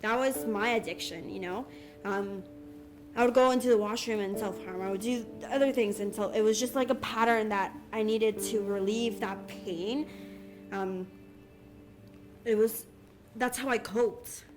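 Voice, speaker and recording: A young woman giving candid personal testimony in an earnest, halting way, full of restarts and fillers. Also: medium pitch. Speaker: interviewee sharing her story. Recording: music bed under the voice.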